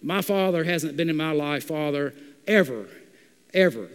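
A man voicing a tearful teenage boy in juvenile detention, within a sermon, halting with fillers. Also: on the high side, animated, clean tone, close to an everyday voice. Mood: sad. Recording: long reverb of a large hall.

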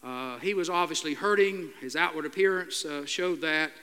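An older male pastor preaches with a raised, bright, forceful voice. He tells stories in a halting, earnest way full of "uh" fillers. His words ring out with the long reverb of a large church hall. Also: fairly high pitch, clear, resonant tone. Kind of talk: sermon.

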